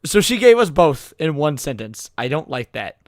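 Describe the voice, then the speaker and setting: A man's voice: on the high side, sing-song, normal speed, dry recording, clean studio sound. A man co-hosting a late-night stream, joking around and reading chat messages aloud with frequent stammered restarts. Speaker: VTuber co-host.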